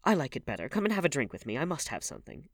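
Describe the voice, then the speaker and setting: A cold, haughty young gentleman with a nervy edge, speaking in sharp, clipped bursts, as a man reads him aloud. The voice sits higher than the narration and lands every line with force, recorded dry and close. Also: huge pitch swings, rapid-fire, dry recording, heavily acted. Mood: cool.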